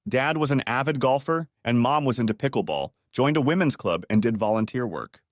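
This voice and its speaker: A man's voice: medium pitch, expressive, fairly quick, dry recording, studio quality. A man narrating a first-person story as an audiobook narrator.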